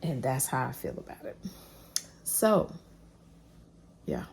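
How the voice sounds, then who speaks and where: A woman's voice: fairly low pitch, expressive, slow pace, creaky, dark tone, a little hiss or hum. A woman vlogging casually about her day, chatty and folksy, calling her viewers honey and child. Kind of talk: casual day-in-the-life vlog.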